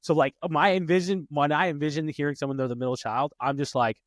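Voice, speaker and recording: A man's voice: on the high side, quick pace, dry recording. A man in his late twenties, a podcast host in casual chat, telling stories and acting out quotes with a rising voice. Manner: animated, acts out quotes with rising voice.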